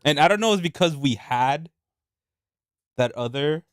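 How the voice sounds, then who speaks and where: A man co-hosting a casual beer podcast, playful and quick to laugh. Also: on the high side, clean tone, no room sound, clean studio sound. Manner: laughs often, lively and playful. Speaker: podcast co-host. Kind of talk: casual chat over beer tasting.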